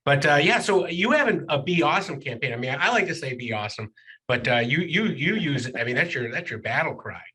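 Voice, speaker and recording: A man's voice: on the high side, lively intonation, brisk, bright, forceful tone, slightly rough. A man hosting a casual radio interview show, upbeat and chatty with many filler uhs. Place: studio in New York state.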